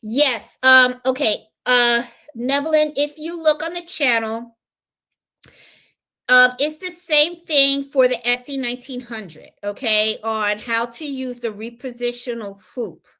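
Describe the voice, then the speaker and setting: Woman host from Puerto Rico, chatty live stream, slightly high voice, plenty of "you know"s. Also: unhurried, pushed and bright. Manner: chatty, greets viewers and reads chat comments aloud; lots of fillers and repeated words. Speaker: embroidery channel host. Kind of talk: casual live stream chat.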